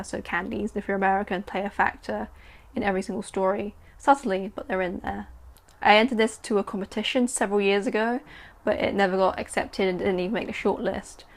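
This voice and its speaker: A woman, chatting excitedly about her writing and reading aloud from her story. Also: medium pitch. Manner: excitable, chatty, filler-heavy. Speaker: writer and vlogger. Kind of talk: casual chat and story reading.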